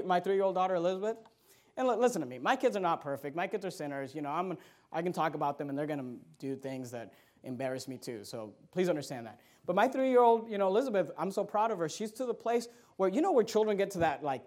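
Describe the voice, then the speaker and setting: A man in his thirties preaching a sermon as pastor, swinging between loud outbursts and quiet asides and repeating scripture references to the congregation. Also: sits high, animated, fast talker.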